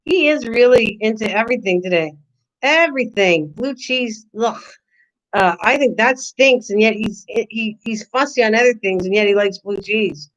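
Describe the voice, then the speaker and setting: A woman's voice: a little high, moderate pace, muffled recording. An older woman hosting a casual live stream, chatting in a teasing way and answering her viewers' comments. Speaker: channel host.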